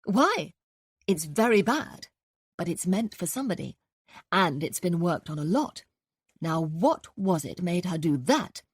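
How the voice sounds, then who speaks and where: A woman reading an audiobook, voicing a chatty upper-class gentleman detective with playful drawling asides. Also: fairly low pitch, sing-song, unhurried, husky, no echo, studio quality, exaggerated voice. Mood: analytical.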